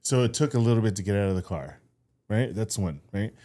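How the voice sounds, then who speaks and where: A man co-hosting a podcast in casual chat with his partner, telling stories haltingly with restarts and chuckles. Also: lowish voice, expressive, dark tone. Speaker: podcast co-host.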